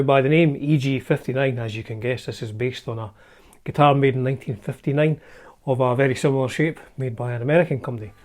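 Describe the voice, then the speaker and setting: A man's voice: mid-range voice, a little mellow. A Scottish man hosting a casual show-and-tell vlog, chatty and wry, often hedging his facts as he talks. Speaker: channel host showing his guitar collection.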